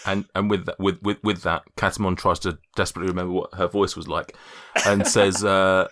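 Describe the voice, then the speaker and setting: A man's voice: low voice, level tone, a little fast, hardly any pauses, a bit bright. A man narrating as game master in a tabletop game, rambling with many fillers and restarts.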